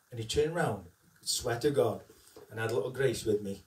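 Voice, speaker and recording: A man's voice: mid-range voice, expressive, quick pace, a little mellow. A man who works as a tribute singer, chatting casually on a live stream as a storyteller who tags his lines with "right?". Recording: echoey room, distant mic.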